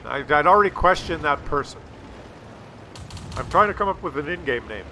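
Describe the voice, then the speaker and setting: A man commentating a game replay with heavy sarcasm and casual swearing. His voice sits a little high and swings widely in pitch, with a bright, forceful edge. Faint game sounds hum underneath. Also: lively intonation, normal speed. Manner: sarcastic, mocking, swears freely. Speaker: gameplay commentator.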